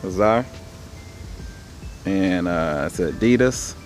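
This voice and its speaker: A man's voice: sits low, animated, slow, faint music behind. A young man casually talking through his resale haul in a laid-back, rambling, slangy way. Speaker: online reseller showing his haul.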